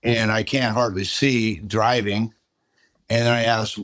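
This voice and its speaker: Man, middle-aged, deep-ish voice, plainspoken, casual, dry sound, personal testimony. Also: level tone, a little slow, fairly bright tone, no room sound. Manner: plainspoken, casual, retells dialogue. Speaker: podcast guest.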